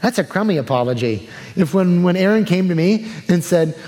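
Young male pastor, casual sermon, slightly high voice, long hall reverb. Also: expressive, brisk, mellow. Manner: conversational, acts out quoted people.

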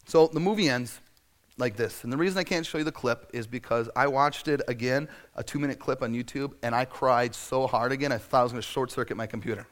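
A man preaching a sermon in a conversational, storytelling way, acting out scenes and sometimes shouting for effect. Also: mid-range voice, fast. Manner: conversational and self-deprecating, with frequent fillers. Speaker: pastor.

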